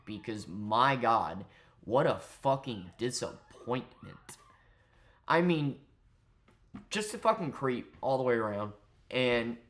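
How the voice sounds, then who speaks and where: A man's voice: mid-range voice, a bit bright. A man ranting in angry, profane, mocking commentary about an online influencer. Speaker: commentary YouTuber.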